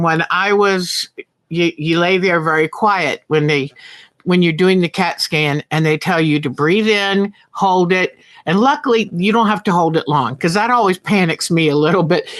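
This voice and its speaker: Older female host, warm-hearted casual chat, encouraging, occasional laughs, dry room. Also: fairly low pitch, dry recording. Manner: chatty, earnest and encouraging, laughs often. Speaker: quilting channel host. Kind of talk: heartfelt casual talk to viewers.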